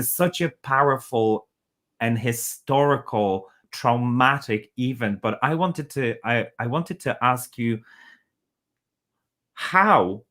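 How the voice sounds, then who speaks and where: A man's voice: medium pitch, a bit bright. A man hosting an interview, asking long searching questions with restarts and empathy. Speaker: podcast host.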